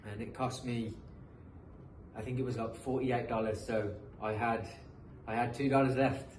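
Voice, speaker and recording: A man's voice: medium pitch, fairly even intonation, moderate pace, darkish tone, distant mic. A man in his thirties with a British accent that carries some American sounds. He tells his story in loose, rambling runs, restarting and repeating words. The room is echoey, he sits back from the mic, and there is faint noise behind him. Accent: British English, mixed with some American. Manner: rambling, repeats himself, frequent um and uh. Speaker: guest, professional footballer. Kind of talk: casual podcast storytelling.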